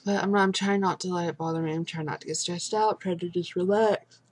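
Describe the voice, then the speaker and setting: An exhausted young woman speaks in a low, husky voice. She gives a casual video update to her viewers. Her talk rambles with frequent pauses and fillers, and frustration runs through it. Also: fairly even intonation. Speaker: vlogger.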